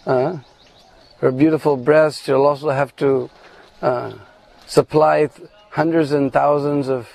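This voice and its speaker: A man telling a devotional story, animated, with many asides and fillers. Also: fairly high pitch, measured pace, creaky, pauses often, rough recording. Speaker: spiritual storyteller.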